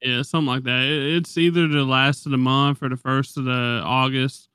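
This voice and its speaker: A man with a smooth, clear voice talks in a laid-back way as co-host of an anime podcast. The sound is dry and close. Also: mid-range voice, fairly even intonation, moderate pace, pushed and bright, no room sound. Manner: laid-back, plugs the community. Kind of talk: casual chat.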